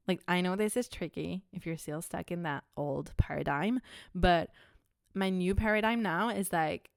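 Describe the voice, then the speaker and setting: A woman's voice: lowish voice, smooth, no echo, studio quality. A young adult woman hosting a podcast, talking candidly and casually, swearing freely and filling her sentences with "like". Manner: chatty and candid, swears freely, many "like" fillers. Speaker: podcast host. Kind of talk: casual confessional podcast talk.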